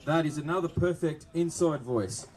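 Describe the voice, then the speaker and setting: A man with an Australian accent presenting a police demonstration to a crowd outdoors, joking and chatting with the children over a loudspeaker microphone. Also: fairly high pitch, moderate pace. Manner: jokey, upbeat, chatting with the kids in the crowd. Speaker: police presenter at a public open day. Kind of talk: public address to a live crowd. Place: outdoor public event. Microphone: microphone through loudspeakers.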